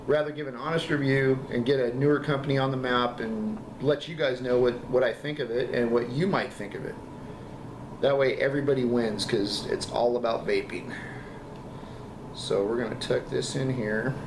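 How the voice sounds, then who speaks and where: A man giving a casual product review, talking in halting, enthusiastic bursts and coughing now and then from a lingering cough. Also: mid-range voice. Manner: halting, repeats words, enthusiastic. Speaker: vape juice reviewer. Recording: echoey room with background noise.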